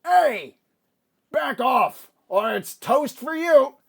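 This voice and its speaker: A man voicing a male henchman in an armored flamethrower suit who yells threats and cries for help. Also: on the high side, fairly even intonation, fast, natural voice. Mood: threatening.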